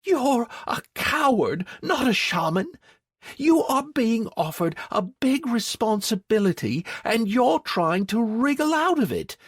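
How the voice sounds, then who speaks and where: A woman's voice: on the high side, sing-song, a little slow, breathy edge, dry recording, studio quality, full character voice. A woman voicing a proud, stern priestess who speaks with indignant force in an audiobook. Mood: scornful. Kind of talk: audiobook character dialogue.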